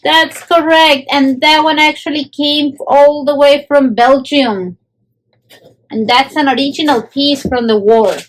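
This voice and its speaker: A woman's voice: high-pitched, fairly even intonation, measured pace, low-quality recording. A woman hosting a children's history show, gushing and exclaiming as she shows objects and asks questions. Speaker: host of a kids' history show.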